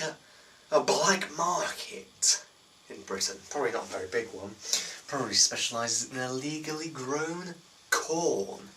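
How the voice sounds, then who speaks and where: Bright-voiced teen boy rambling a comic story. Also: mid-range voice, recorded from a distance, slight background noise, poor audio. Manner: rambling, stumbles and restarts, deadpan asides. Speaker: comedy vlogger.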